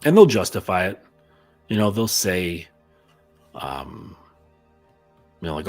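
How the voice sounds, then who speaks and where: A man's voice: sits low, big pitch swings, slow, long pauses, faint music behind. A man speaking as a dating coach in a casual, blunt monologue full of fillers, telling a client's story. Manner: blunt, conversational, many fillers.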